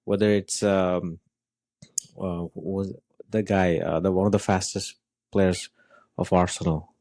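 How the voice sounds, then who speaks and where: A man co-hosting a football podcast, talking in an animated, rambling way with many fillers and restarts. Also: low-pitched, a little slow, no room sound. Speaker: podcast co-host. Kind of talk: casual football chat.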